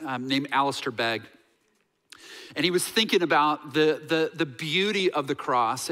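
A man's voice: a little high, pushed and bright. Earnest male pastor in a reverberant hall. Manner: earnest preaching with hesitant fillers and repeated words. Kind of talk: sermon. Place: church sanctuary.

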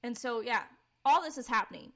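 On the high side and fairly quick, this young woman's voice is bright with a forceful tone. As a podcast co-host, she tells her faith story openly and earnestly, leaning heavily on fillers, especially "like".

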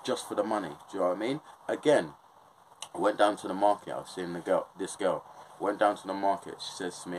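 Speaking fast in a low-sitting voice, a young man from England with an English accent rants passionately and casually, cursing frequently and regularly asking "do you know what I mean." The low-quality recording has slight background noise.

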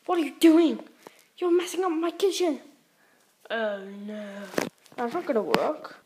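A woman voicing a bossy, quick-tempered princess in a homemade toy video, scolding and indignant. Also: sits high, expressive, heavy background noise.

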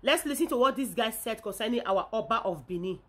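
A woman's voice: on the high side, lively intonation, a little fast, fairly bright tone, husky. A Nigerian woman from Edo State ranting in a reaction video, indignant and scolding, often repeating herself. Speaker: vlogger.

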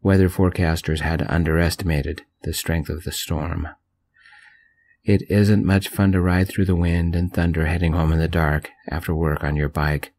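A man reading a first-person romance story aloud in a soft-spoken ASMR narration style, gentle and unhurried. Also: sits low, flat delivery.

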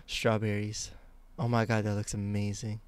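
A young man streaming live, reacting out loud in a slangy, excitable way. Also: fairly low pitch, unhurried, smooth.

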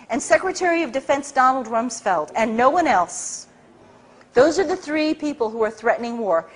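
Woman giving a talk, high voice, kinda husky, animated, restarts a lot. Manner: animated storytelling, many restarts, acts out quotes. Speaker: speaker at a public talk. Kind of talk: public talk.

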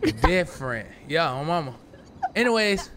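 A man's voice: fairly high pitch, very animated, moderate pace, noisy background. A young man streaming a roleplay game, telling a brash, profane story in character.

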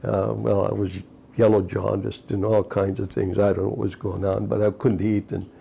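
A man's voice: lowish voice, flat delivery, normal speed, vocal fry, dark tone, a little hiss or hum. A man in his eighties, a retired fisherman, recalling his childhood in a rambling oral history interview, full of "you know" asides. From United States. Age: 80s.

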